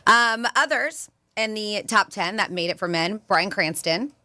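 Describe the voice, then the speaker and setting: A woman's voice: mid-range voice, expressive, a little slow, bright, forceful tone, no echo. A woman co-hosting a radio show in casual chat, reading a survey list and laughing now and then. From Florida. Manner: chatty, laughs, reads off a list. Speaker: radio co-host.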